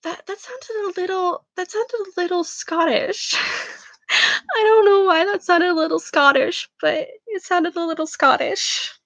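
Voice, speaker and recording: A woman's voice: extremely high pitch, unhurried, fairly bright tone, no room sound. A young woman reading a novel aloud for a book club, stumbling over words and making casual remarks about her reading.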